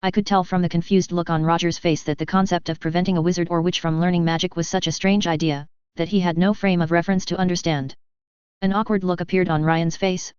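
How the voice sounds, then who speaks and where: A narrator giving an even, unhurried first-person reading of a fan fiction story. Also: mid-range voice, smooth, dry recording, dull audio.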